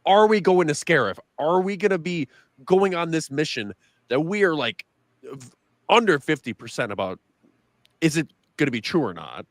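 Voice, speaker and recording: A man with a mid-pitched voice that rises and falls a lot, arguing his points on a casual fan podcast. He talks in a dry, close recording. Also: very animated, moderate pace, dry recording. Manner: argumentative, pushes back on others. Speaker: podcast co-host.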